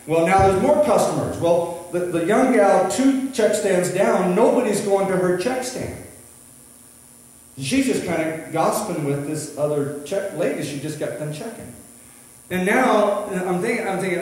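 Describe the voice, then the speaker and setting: A middle-aged man and pastor telling a story in a sermon, rambling and animated with many restarts. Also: high voice, unhurried. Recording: echoey hall from far off.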